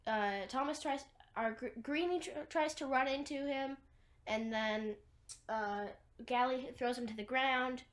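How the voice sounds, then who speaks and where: Woman recapping a movie plot, kinda high voice, rambles w tons of fillers. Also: unhurried. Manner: rambling, many fillers and restarts. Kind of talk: casual plot retelling.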